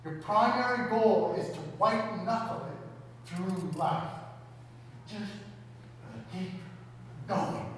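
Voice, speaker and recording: A man's voice: high-pitched, slow, pauses often, a little hiss or hum. A man preaching a sermon to a congregation, talking in a conversational way and asking rhetorical questions. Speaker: pastor. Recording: echoey hall, mic at a distance.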